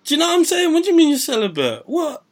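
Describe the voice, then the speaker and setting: A young man chatting casually as a podcast co-host, animated and full of slang and swearing. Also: very high voice, very fast. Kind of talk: casual chat.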